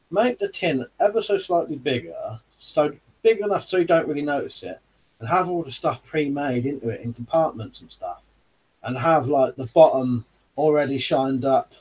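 Male stream host, husky, relaxed chatty delivery, reads and answers comments. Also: medium pitch. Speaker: host of a live chat stream. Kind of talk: casual live-stream chat.

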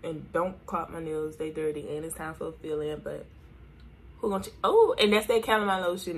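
A woman's voice: low-pitched, brisk. A woman vlogger chatting playfully with viewers while getting ready, full of slangy asides. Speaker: beauty vlogger. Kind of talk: casual get-ready-with-me chat. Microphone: camera mic while doing makeup.

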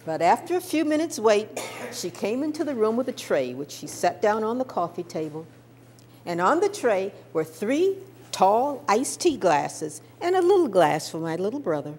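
Expressive older woman telling a life story. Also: mid-range voice, a little hiss or hum. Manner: expressive, warm-toned recounting with small stammers. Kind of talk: personal storytelling.

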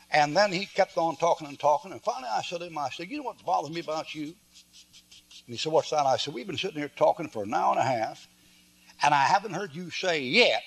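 A preacher man, older, telling folksy stories in a sermon, shifting between loud bursts and quiet asides. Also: fairly high pitch.

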